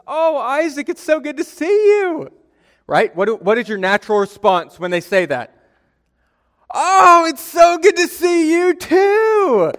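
A young man gives a sermon as pastor, his voice sitting a little higher than most men's. He talks in a loose, conversational way, telling stories and poking fun at himself. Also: smooth. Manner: conversational storytelling, self-deprecating humor.

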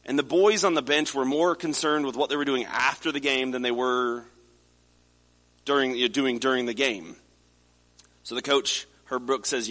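A man's voice: medium pitch, steady tone, normal speed, fairly bright tone. A man in his forties from the United States, a pastor preaching a sermon in a conversational storytelling way with frequent restarts. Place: church sanctuary. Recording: reverberant hall.

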